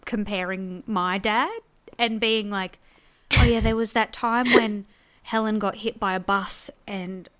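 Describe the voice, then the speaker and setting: Chatty young woman telling animated stories. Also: mid-range voice, measured pace, clean tone. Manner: chatty, animated storytelling with quoted voices. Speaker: podcast co-host. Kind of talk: casual chat recapping a reality show.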